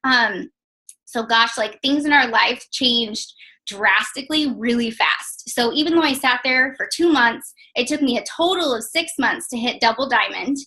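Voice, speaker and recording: Sharp in tone and a little high, this network marketing distributor talks at a normal speed over poor audio. The young woman chats her way through a personal testimonial, sprinkling in plenty of "um" and "like."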